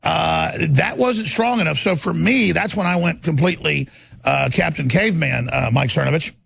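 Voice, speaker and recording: A middle-aged man hosting a political talk show, halting and repeating words as he pushes his point. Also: fairly high pitch, a bit bright. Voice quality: gravelly, husky. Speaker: host.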